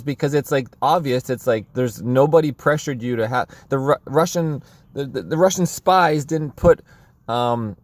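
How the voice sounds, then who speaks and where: Male commentary host, mid pitch, sarcastic, laughs often, rambles. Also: a little mellow, dry recording. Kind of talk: casual political commentary.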